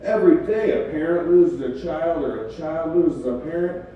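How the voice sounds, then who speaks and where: A man's voice: on the high side, moderate pace, dull audio, a little hiss or hum. A man doing a stand-up comedy set in a club, laid-back and swearing casually, chuckling at his own jokes. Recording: echoey club recorded from far off.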